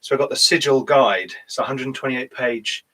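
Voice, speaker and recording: A man who runs the group's games, chatting casually and chipping in with quick interjections. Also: medium pitch, fairly bright tone. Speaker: co-host and game master. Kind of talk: casual chat.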